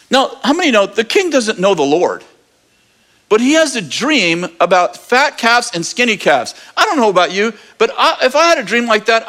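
Animated male preacher with a high voice, telling a story with humor and acted-out voices. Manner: animated, acts out voices, jokey asides. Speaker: pastor. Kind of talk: lively storytelling sermon.

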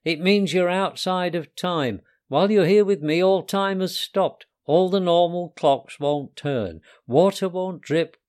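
A man's voice: sits high, measured pace, hardly any pauses, a little mellow, voice pushed up. A man voicing a boastful, secretive male time mouse in a storybook reading, puffed up with self-importance.

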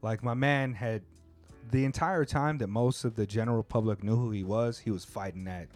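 A man's voice: lowish voice, normal speed, darkish tone, faint music behind. A man hosting a podcast, chatting casually in laid-back slang with frequent restarts and "you know what I mean.". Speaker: podcast host. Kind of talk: casual chat. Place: lives in Japan.

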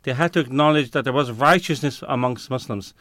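A man's voice: medium pitch, fairly quick, fairly bright tone, no room sound, studio quality. A man answering interview questions in a conversational way, often searching for words with fillers and restarts. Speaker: interview guest.

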